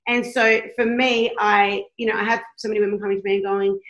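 A woman's voice: mid-range voice, level tone, fast talker, hardly any pauses, a bit bright, roomy sound, rough recording. A woman in her thirties, a blogger guest talking candidly in a podcast conversation, passionate and blunt, swearing freely. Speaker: guest, blogger who tours.

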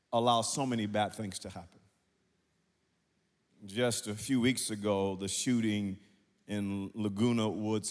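A man preaching a passionate sermon to a congregation as a guest preacher, swinging between soft lines and near-shouts. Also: on the low side. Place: large church before a congregation. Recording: long reverb of a big hall.

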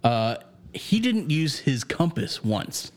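A man's voice: medium pitch, big pitch swings, takes it slowly. Casual, rambling guy reviewing a movie. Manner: rambling and profane, with lots of fillers. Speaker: podcast co-host reviewing a film. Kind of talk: casual chat.

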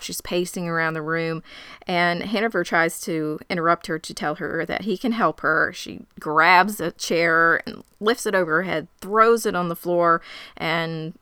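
A woman co-hosting a podcast, retelling a scene in lively casual storytelling. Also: on the low side, moderate pace, clear, resonant tone, no echo, clean studio sound. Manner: animated storytelling, quoting characters. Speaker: podcast co-host. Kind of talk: casual recap chat.

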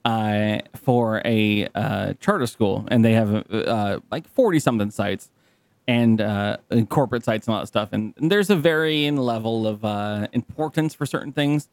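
A man's voice: lowish voice, moderate pace, a little mellow, no echo. Rambling, foul-mouthed young male podcaster. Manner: rambling storyteller who swears freely. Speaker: podcast co-host. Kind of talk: casual chat.

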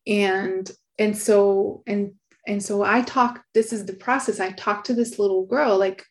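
Earnest soft-spoken middle-aged woman. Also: mid-range voice, fairly even intonation, measured pace. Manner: soft, earnest, laughs often. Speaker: guest, author. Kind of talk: reflective interview talk.

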